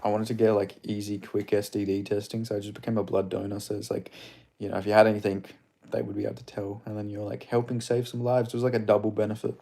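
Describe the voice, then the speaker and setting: A man's voice: lowish voice, flat delivery, quick pace, creaky, warm tone. A man from Perth with an Australian accent, hosting a live stream in a rambling, crude, casual way while greeting chatters by name. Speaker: livestream host.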